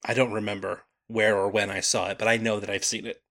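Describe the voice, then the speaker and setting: A man co-hosting a comedy podcast in casual chat, wry and quick to laugh. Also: lowish voice, flat delivery, a bit bright. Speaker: podcast co-host.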